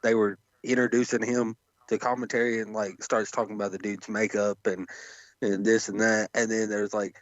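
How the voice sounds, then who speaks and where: A man's voice: fairly low pitch, little pitch movement, normal speed, no echo. A man co-hosting a wrestling podcast, recounting things enthusiastically with emphatic swearing. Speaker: podcast co-host. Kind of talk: casual chat. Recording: dull dry lo-fi sound.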